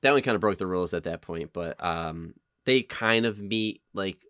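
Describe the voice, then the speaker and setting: A man's voice: moderate pace, no room sound, clean studio sound. A man hosting a podcast, chatting casually and reading movie quotes aloud. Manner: animated when reading quotes, low-key otherwise. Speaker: podcast host.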